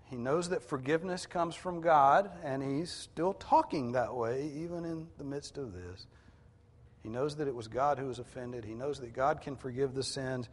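A man's voice: medium pitch, moderate pace. A male pastor preaching a sermon to his congregation in a conversational way, explaining scripture in plain everyday words. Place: church hall with a congregation. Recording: long reverb of a large hall.

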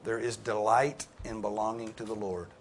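Earnest, lowish-voiced male preacher. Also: level tone, normal speed, a little hiss or hum. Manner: earnest, emphatic, rises in pitch and volume for emphasis. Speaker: pastor teaching a Bible class. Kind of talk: sermon with group discussion.

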